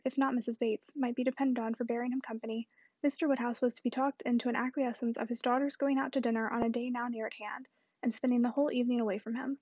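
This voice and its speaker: A woman narrating a classic novel aloud in a brisk, steady reading. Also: sits high, dry recording, muffled recording. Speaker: audiobook reader.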